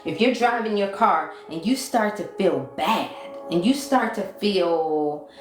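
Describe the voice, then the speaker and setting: A woman's voice: medium pitch, expressive, unhurried. A woman giving a casual livestream talk as a mindset coach. She repeats key phrases and stops to answer viewer comments. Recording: roomy sound with music behind. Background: background music.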